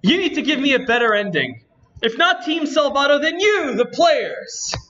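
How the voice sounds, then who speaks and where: A man's voice: very high voice, big pitch swings, moderate pace, bright, forceful tone, muffled recording, voice pushed up, full character voice. A man putting on Natsuki, a bratty schoolgirl. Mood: demanding. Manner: sassy, demanding, complaining. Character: bratty, indignant teenage schoolgirl.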